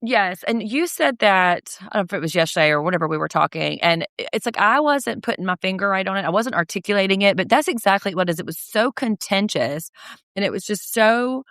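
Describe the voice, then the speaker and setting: A woman's voice: mid-range voice, expressive, fairly quick, a bit bright, dry recording. A woman co-hosting a podcast, chatting casually about a reality show, swearing freely. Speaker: podcast co-host. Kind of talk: casual recap chat.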